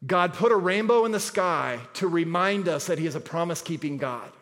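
A man preaching a sermon as pastor, emphatic, repeating key words and moving between loud and soft delivery. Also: a little high, lively intonation, brisk, hardly any pauses. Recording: long hall reverb.

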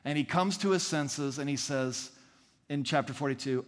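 A man's voice: on the high side, moderate pace. Earnest preacher man in an echoing hall. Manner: earnest, repeats phrases for emphasis. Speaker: pastor. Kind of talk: sermon. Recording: long reverb in a large hall.

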